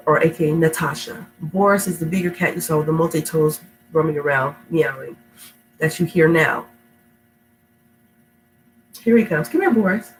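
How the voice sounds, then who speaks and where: A sick-sounding woman with a low, stuffy voice reads stories to kids at home before wandering into affectionate, rambling conversation full of laughter. It's a rough recording with slight background noise.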